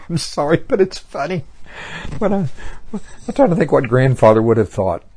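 A man's voice: on the high side, darkish tone, slightly rough. A man preaching a sermon in a folksy way, often chuckling at his own stories.

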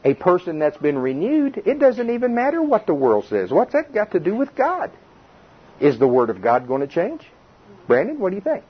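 A man's voice: high-pitched, huge pitch swings, moderate pace, slightly rough, muffled recording. A man preaching an informal sermon, conversational and quizzing the congregation. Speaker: pastor.

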